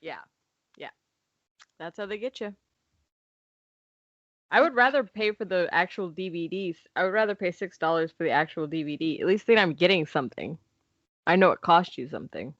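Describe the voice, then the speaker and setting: A woman's voice: lowish voice, expressive, moderate pace, pauses often, fairly bright tone, no room sound, muffled recording. A woman from Los Angeles co-hosting a casual podcast, often giggling and teasing her co-host. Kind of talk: casual chat.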